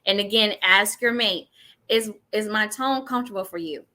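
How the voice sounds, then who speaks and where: In a bright, forceful, mid-range voice at normal speed, a middle-aged woman co-hosting a podcast discusses a book casually and with energy. She often slips into character voices for the quotes.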